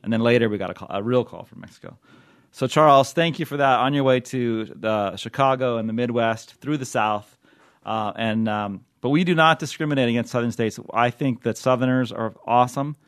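A man's voice: medium pitch, a little fast, smooth, dry recording, studio quality. A man hosting a podcast in a casual, jokey chat, laughing often and rambling between topics. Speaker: podcast host.

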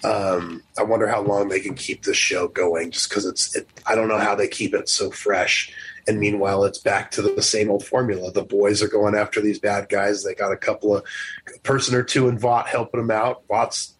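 A man's voice: fairly low pitch, level tone, normal speed, poor audio. A man co-hosting a podcast in casual chat. He rambles, restarts often, and laughs easily. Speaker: podcast co-host.

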